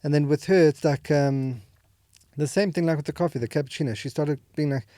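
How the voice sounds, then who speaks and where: A man's voice: fairly high pitch, brisk, dark tone, no echo, studio quality. A man talking candidly as a podcast guest, rambling with many fillers and restarts. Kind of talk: candid emotional conversation. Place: podcast studio.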